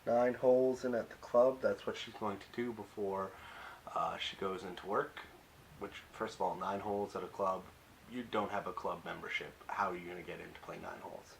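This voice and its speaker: A man's voice: low-pitched, steady tone, moderate pace, gravelly, slight background noise, poor audio. A young man recapping a TV episode in a casual, rambling way, full of fillers and wry offhand asides. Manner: rambling, hesitant, many fillers. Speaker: YouTube recap reviewer.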